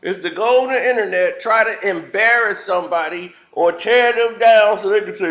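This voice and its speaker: A man's voice: sits high, moderate pace, few pauses, a bit bright. A man giving a blunt, heated and preachy opinion rant as a commentary vlogger. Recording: roomy echo.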